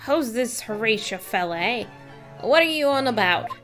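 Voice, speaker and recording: A woman voicing a swaggering, angry rough man as she reads a game's dialogue aloud. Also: fairly high pitch, animated, moderate pace, fairly bright tone, soft background music. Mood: indignant.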